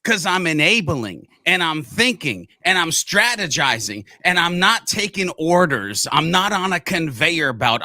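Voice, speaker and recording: A man's voice: fairly high pitch, sharp tone, dry recording. A middle-aged man co-hosting a podcast discussion, talking in emphatic, punchy bursts and repeating short blunt lines. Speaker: co-host.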